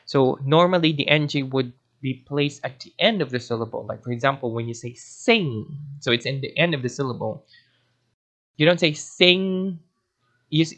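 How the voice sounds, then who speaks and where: A man talks through a language lesson at a middle pitch. He explains points at length, corrects himself mid-sentence and wanders off on side points before coming back. His is Cebuano. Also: bright, forceful tone. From Philippines. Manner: rambling and self-correcting, often digresses. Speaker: language teacher.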